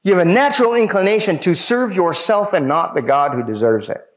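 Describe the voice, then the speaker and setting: A man's voice: high voice, animated, a little fast. A man preaching a sermon, speaking emphatically and addressing his listeners directly.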